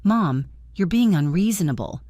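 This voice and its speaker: A woman's voice: on the low side, expressive, moderate pace, mellow, no room sound, clean studio sound. A woman reading the part of an entitled grown son who talks in a controlled, calculating way. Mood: angry.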